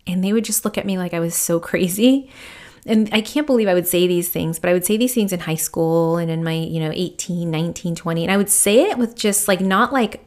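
A woman's voice: lowish voice, brisk. A woman in her thirties, a podcast host and spiritual medium, telling a personal story in a candid, reflective way with many fillers. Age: 30s.

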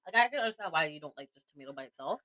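A woman's voice: low voice, lively intonation, rapid-fire, crowd noise. A young woman co-hosting a casual podcast chat, laughing often and snacking while she talks. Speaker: podcast co-host.

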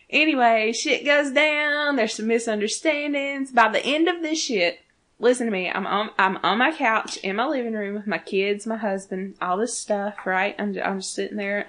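A woman's voice: medium pitch, fairly bright tone. A woman in her thirties, a podcast co-host chatting casually, laughing often and swearing freely as she gushes. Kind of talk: casual chat.

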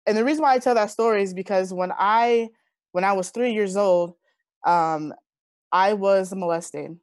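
A woman in her thirties speaks as an interview guest, earnest and heartfelt as she recounts her life. Her voice sits at an average pitch. The sound is dry and close, with no room around it. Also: moderate pace, no room sound. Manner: earnest, heartfelt, animated retelling. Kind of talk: personal storytelling in conversation.

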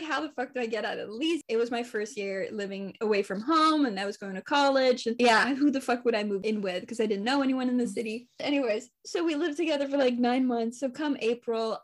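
A young woman co-hosting a podcast, telling a story in casual chat, animated, swearing and laughing often. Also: fairly high pitch. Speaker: podcast co-host.

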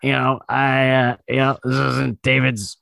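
A man doing a comic impression of a laid-back young male comedian, raspy and halting, full of fillers. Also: medium pitch, monotone, a bit bright, no echo, voice pushed down. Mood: deadpan. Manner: halting, full of "uh" and "you know".

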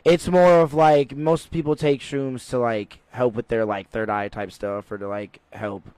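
A man's voice: mid-range voice, steady tone, measured pace, darkish tone, smooth, no echo, rough recording. Male podcast host, playful and teasing, dry close sound. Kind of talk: casual chat.

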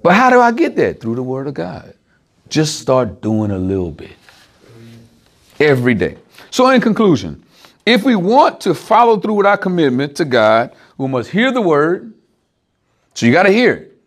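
A man preaching an informal, conversational sermon to a small group, animated and speaking straight to his listeners with everyday examples. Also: on the high side, moderate pace.

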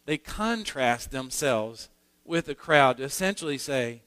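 A man's voice: mid-range voice, expressive, a little slow, fairly bright tone, clear, resonant tone. A male pastor preaching a sermon, earnest and emphatic, often restarting his phrases. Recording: long hall reverb in a sanctuary.

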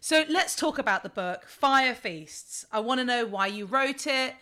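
A woman hosts a podcast in a fairly high, bright, forceful voice. She chats easily and laughs readily with her guest. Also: expressive. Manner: chatty, quick to laugh. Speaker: podcast host. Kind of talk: casual podcast interview.

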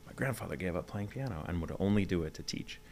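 A man's voice: deep voice, lively intonation, vocal fry, darkish tone. A man in his forties from Texas with a neutral mid-Atlantic accent, telling stories articulately as an interview guest. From Texas, USA. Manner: articulate, measured storytelling. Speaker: guest, voice actor. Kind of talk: casual interview.

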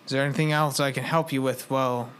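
A young man in casual play, narrating a tabletop game as game master, animated and laughing often. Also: mid-range voice, fast, slight background noise.

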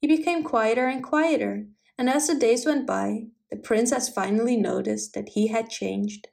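A woman reading a fairy tale aloud, her narration clear and steady, pitched a little high. She keeps an even storybook pace from line to line. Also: moderate pace.

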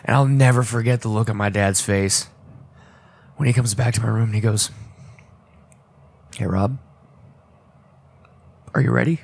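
A man on a podcast telling a deeply personal story in a halting, emotional way, often restarting his sentences and choking up. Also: fairly even intonation. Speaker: podcast co-host. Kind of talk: personal storytelling in casual talk.

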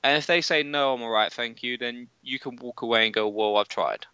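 A young man co-hosts a casual podcast chat, blunt and full of swearing. His voice is bright and forceful. The sound is dry and a little dull. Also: mid-range voice, brisk, smooth, dry recording. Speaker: podcast co-host.

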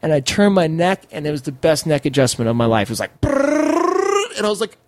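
A man guesting on a podcast, telling a wild story in a casual, animated and profane way. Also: a little high, fast, no room sound.

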